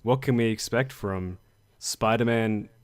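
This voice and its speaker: A man's voice: lowish voice, unhurried, clean tone. Rambling, swearing man chatting. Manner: rambling, stumbling restarts, swears casually. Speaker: podcast co-host. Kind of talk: casual chat.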